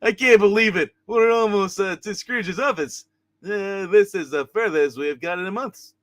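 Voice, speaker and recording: A man's voice: high voice, normal speed, a bit bright, voice pushed up. A man voicing a bumbling, gloomy male crook in a live comic reading, whiny and defeated. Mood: excited.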